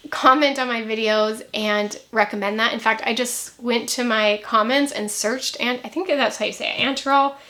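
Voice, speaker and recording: A young woman vlogging to camera in a chatty, rambling way, talking quickly and laughing now and then. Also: a little high, fairly even intonation, pushed and bright. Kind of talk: casual chat to camera.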